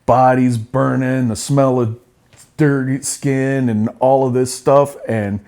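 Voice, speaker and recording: A man's voice: medium pitch, dark tone. A middle-aged man, a Marine veteran, telling war stories in a casual interview, blunt and profane with bursts of laughter.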